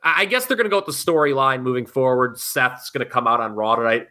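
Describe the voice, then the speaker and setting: A man co-hosting a podcast who reviews wrestling in casual chat, blunt and animated, with frequent swearing. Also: mid-range voice, fast, hardly any pauses. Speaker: podcast co-host.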